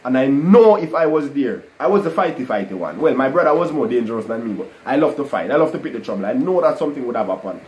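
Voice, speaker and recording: A man telling a personal testimony to a live online audience, animated and full of "guys" and "you know". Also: mid-range voice, quick pace, few pauses, rough recording. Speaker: livestream host telling his testimony.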